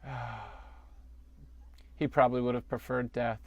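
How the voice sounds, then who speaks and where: A man's voice: medium pitch, little pitch movement, measured pace, no echo. A man co-hosting a podcast, riffing on a movie in jokey, rambling banter and laughing often. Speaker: podcast co-host.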